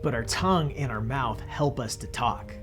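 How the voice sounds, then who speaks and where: A man's voice: mid-range voice, normal speed, music in the background. A young man teaching a scripted Bible lesson to children in a friendly, patient way.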